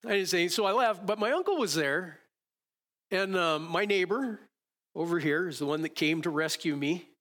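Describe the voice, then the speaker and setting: A man's voice: high-pitched, lively intonation. A man preaching a sermon in a conversational, storytelling way, asking the listeners rhetorical questions. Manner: reads scripture slowly and softly.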